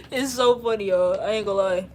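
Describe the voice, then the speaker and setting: A woman's voice: mid-range voice, moderate pace, a little hiss or hum. A young woman from Louisiana with a Louisiana accent, casually chatting on a livestream in a slangy, frank, rambling way. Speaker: livestream host. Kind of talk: casual livestream chat reading comments.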